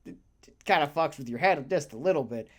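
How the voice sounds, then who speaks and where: A podcast co-host in casual chat, talking in a rambling, animated way, swearing casually and laughing often. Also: medium pitch, quick pace.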